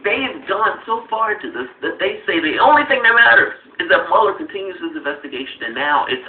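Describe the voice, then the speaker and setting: A man's voice: high voice, big pitch swings, quick pace, hardly any pauses. A man giving mocking political commentary, sarcastic and mimicking others. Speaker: political commentator in played clip. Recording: roomy, distant, phone-like with faint noise.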